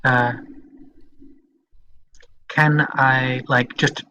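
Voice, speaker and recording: Tabletop player, playful, mid-pitched, faint hiss behind. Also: flat delivery, very slow, bright, forceful tone, low-quality recording. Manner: playful, thinks aloud, hesitant fillers. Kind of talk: casual tabletop game chat.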